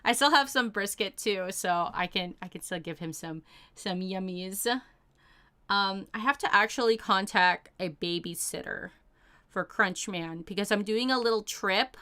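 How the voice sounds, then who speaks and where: A woman's voice: mid-range voice, measured pace, bright, forceful tone, clean tone. A young woman casually chatting as she reads out chat messages, bubbly and gushing, full of "like" and "oh my gosh". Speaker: streamer reading chat.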